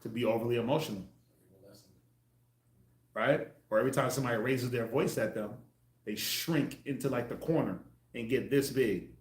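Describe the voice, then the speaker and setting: A man preaching to a group, acting out the voices he quotes with sudden loud bursts. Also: mid-range voice, normal speed, long pauses, echoey room. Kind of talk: street sermon teaching.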